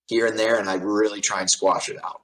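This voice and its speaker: A man's voice: fairly low pitch, flat delivery, brisk, poor audio. A man speaking as a guest on a podcast in casual conversation. He tells blunt, profane stories and acts out other people in raised voices. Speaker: podcast guest, airsoft company owner.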